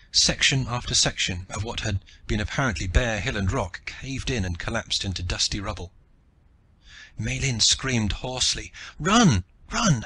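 A man reading an audiobook in the first person with a steady, dramatic delivery. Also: on the low side, a little hiss or hum. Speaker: audiobook narrator.

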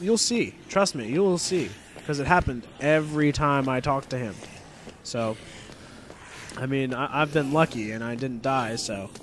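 A young man talks through a video game in a loose, rambling way, cursing offhandedly and grumbling at the game's quirks. His voice sits at an ordinary male pitch. A faint noise runs under the recording. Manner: rambling, swears casually, easily annoyed. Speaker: gameplay commentator. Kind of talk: casual let's-play commentary.

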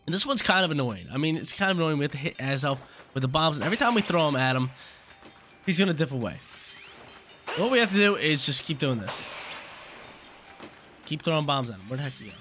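A man's voice: on the high side, big pitch swings, fast, long pauses, sharp tone, faint music behind. A young man casually commentating his gameplay as a channel host, laid-back and slangy, often repeating himself.

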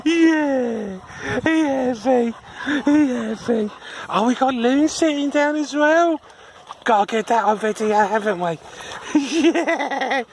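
A woman walking dogs outdoors coos and chuckles at them in sing-song baby talk for her video diary. Her voice is high and a little slow, with a little hiss or hum.

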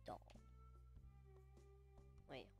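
A woman streaming a video game, chatting casually and talking to the characters on screen with sudden excited exclamations. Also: drawn-out words, no room sound, faint music behind. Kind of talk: casual gameplay commentary.

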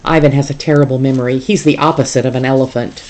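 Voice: mid-range voice, fairly even intonation, fast talker, noisy background, natural voice. Teacher voicing a cheeky little dog. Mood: coaxing. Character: small loyal male dog, blunt and cheeky.

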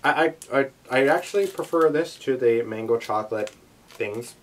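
A young man vlogs a taste test, rambling and chatting to the camera with plenty of asides. His voice is medium-pitched and his pace moderate.

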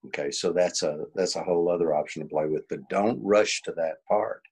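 Low, darkish and slightly rough, the older coach's voice moves briskly as he runs a webinar over video. He explains things folksily, acting out examples for his participants.

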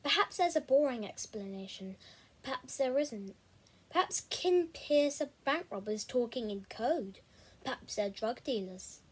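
A woman's voice: fairly high pitch, expressive, unhurried, husky. Eager plotting kid for a storybook read-aloud, pressing and secretive, voiced by a woman. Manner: urgent, conspiratorial, drops to a whisper. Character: bossy young teen boy, eager schemer.

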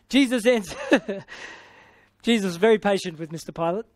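Australian male preacher, high voice, exclamatory, close dry recording. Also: measured pace, no room sound. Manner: exclamatory, punctuating with hallelujah and amen; playful, paraphrasing scripture in everyday speech. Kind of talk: sermon teaching.

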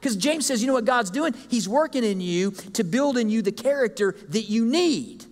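A man with a high voice preaches with animated, joking energy and acts out the complaints of his congregation. His voice rings out with a long reverb across a church sanctuary. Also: moderate pace. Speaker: guest speaker. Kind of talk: sermon.

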